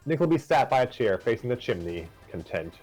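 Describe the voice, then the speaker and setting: A man narrating a fan story aloud in a steady, laid-back way. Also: mid-range voice, a little fast, soft background music, poor audio.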